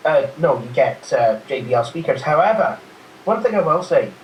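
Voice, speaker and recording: A man whose voice sounds nasal and congested. He chats about hardware with easy know-how and frequent pauses. His audio comes over an echoey line, distant from the mic, with faint hiss. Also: medium pitch. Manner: knowledgeable, hesitant with fillers. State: stuffy, nasal from a cold. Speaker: guest expert. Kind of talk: casual tech chat.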